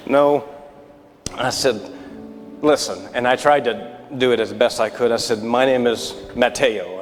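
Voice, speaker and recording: A pastor in his thirties preaches a sermon in a church sanctuary, his voice at medium pitch. He animatedly tells a story, acting out dialogue and swinging between excited and hushed delivery before closing quietly. The live stream is reverberant, with faint music behind him.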